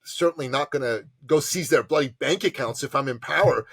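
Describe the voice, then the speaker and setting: A man, an entrepreneur advisor and podcast guest, telling stories with passion and emphasis and acting out quotes in lively voices. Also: medium pitch, fairly quick, husky, dry recording. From immigrant to Canada from a tyrannical country. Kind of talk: animated storytelling interview.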